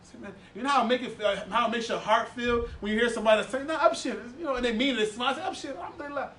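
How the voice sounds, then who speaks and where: A man teaching a lively religious class to a live audience, animated and playful, repeating words for emphasis and quizzing his listeners. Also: very high voice, very fast. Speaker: Islamic teacher giving a class. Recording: echoey room, voice from a distance.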